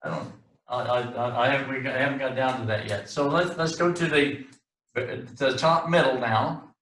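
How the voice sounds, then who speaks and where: Guy teaching a class, bright sharp voice, halting with lots of restarts, sounds far off in an echoey room. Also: medium pitch. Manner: halting, many restarts and fillers, joking. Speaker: Hebrew teacher. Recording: echoey room, distant mic.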